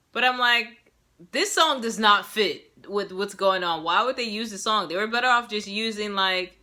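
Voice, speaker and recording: A young woman giving a casual, sassy and animated recap of a show episode, full of slang. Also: medium pitch. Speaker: show reviewer.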